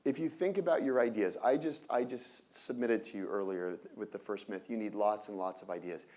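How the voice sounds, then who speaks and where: Energetic man lecturing, asking "right?". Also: on the low side, fairly quick. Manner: energetic, peppered with rhetorical "right?"; asides and self-corrections. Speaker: innovation lecturer. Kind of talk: lecture to alumni audience.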